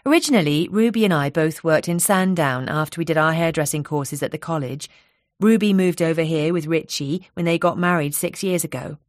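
A woman voicing a chatty, cheerful young hairdresser with a soft Isle of Wight burr, talking in a friendly, bubbly way. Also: sits low, a little fast, dry recording, studio quality, natural voice.

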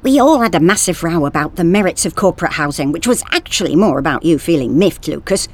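A woman's voice: lowish voice, expressive, fast. A woman voicing a chummy working man who talks in a chirpy, blokey way, in a storybook reading.

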